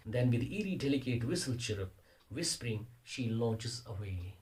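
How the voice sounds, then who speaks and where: A man teaching a poetry lesson, explaining line by line. He keeps rephrasing and repeating phrases while he hunts for the right word. His voice sits at an ordinary middle pitch. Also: expressive, moderate pace, a little mellow, poor audio. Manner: explains by restating lines in English and Hindi. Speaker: English teacher.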